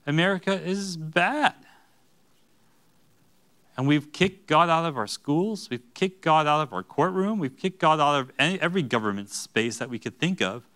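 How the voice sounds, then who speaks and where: Pastor, male, preaching in church; crisp, bright voice, earnest and emphatic. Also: on the high side, expressive, moderate pace. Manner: earnest, rising to emphatic bursts. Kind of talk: sermon.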